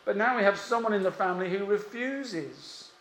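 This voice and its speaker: Man preaching, emphatic, lots of pauses and rhetorical questions, fairly high voice, echoey room. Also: a bit bright, a little hiss or hum. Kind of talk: expository sermon.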